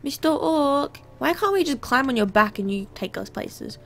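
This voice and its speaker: A young woman chatting her way through a game, bubbly and easily sidetracked, with a voice that sits a bit high. She sounds slightly under the weather and keeps apologizing as she plays. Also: lively intonation, normal speed, fairly bright tone, soft background music. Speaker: gamer. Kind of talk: let's play commentary.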